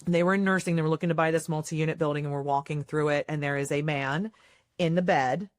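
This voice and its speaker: A woman's voice: low-pitched, quick pace, no room sound, studio quality. A woman hosting a casual chat, telling stories and acting out the quotes. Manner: animated storyteller who acts out quotes loudly. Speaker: property manager, podcast host.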